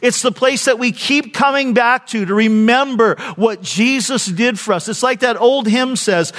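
An older man preaching a sermon, telling stories and dropping from loud preaching to soft, hushed lines. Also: very high voice, normal speed, hardly any pauses. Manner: storytelling, swings from loud preaching to soft near-whispers. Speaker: pastor.

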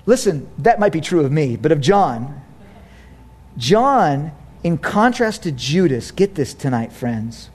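A man's voice: on the high side, takes it slowly, slightly rough. A male pastor in his thirties preaching a sermon in a church, telling stories with humor and speaking straight to his congregation. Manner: animated, humorous storytelling, direct to congregation.

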